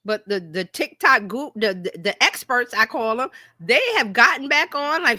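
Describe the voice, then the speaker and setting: A woman hosting a casual livestream chat as a marketing coach, talking in an animated way and slipping into playful quoted voices. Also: fairly high pitch, moderate pace, few pauses, no echo, studio quality. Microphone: home streaming mic.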